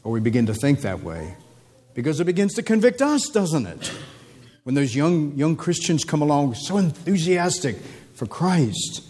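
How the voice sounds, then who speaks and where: A man preaching a sermon, emphatic, repeating phrases and climbing in pitch for stress. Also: big pitch swings, normal speed, a little mellow, husky.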